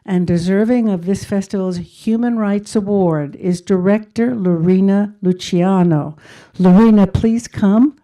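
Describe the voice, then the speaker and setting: Woman host giving a warm festival welcome. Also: medium pitch, unhurried. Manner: warm, formal introduction. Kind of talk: welcome speech.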